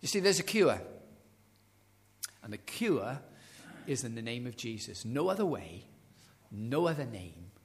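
A man preaching a sermon, dramatic, swinging from loud declarations to hushed near-whispers and retelling stories with quoted dialogue. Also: medium pitch, big pitch swings, measured pace, pauses often, a little hiss or hum.

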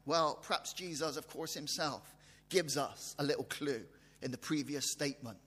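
A man's voice: fairly high pitch, normal speed, a bit bright. A man preaching a sermon, repeating phrases for emphasis and posing rhetorical questions. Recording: long hall reverb.

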